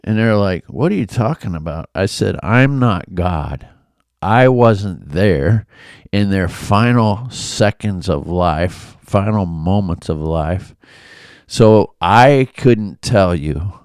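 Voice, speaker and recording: A man reflects on scripture in a relaxed, earnest, conversational way, often breaking off into asides. His voice sits fairly low and sounds smooth and resonant. The recording is close and dry, with no room sound. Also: takes it slowly, no echo. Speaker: Bible devotional host. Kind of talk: informal Bible commentary.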